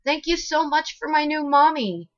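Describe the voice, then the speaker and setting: A woman's voice: sits high, moderate pace, no echo, highs cut off, voice pushed up, natural voice. A woman voicing a happy little girl in a storybook narration.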